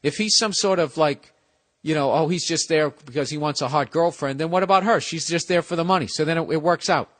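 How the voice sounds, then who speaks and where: A middle-aged man ranting on his own podcast, his voice sitting a little higher than most men's. He swears constantly and lurches from loud outbursts into low, grumbling mutters. The delivery is loose and conversational. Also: a little fast. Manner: profane, ranting, swings between shouting and muttering. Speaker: podcast host. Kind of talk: casual comedic podcast rant.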